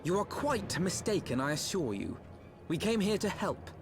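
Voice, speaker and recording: A man's voice: sits high, very animated, normal speed, noisy background. An actor voicing an earnest young nobleman in a video game cutscene, speaking formally, polite but firm.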